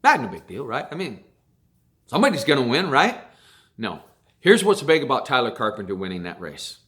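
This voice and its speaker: In a mid-range, sing-song voice that's pushed and bright, a racing vlogger delivers a long ranting monologue about dirt track racing. He speaks fairly quickly and repeats phrases for stress.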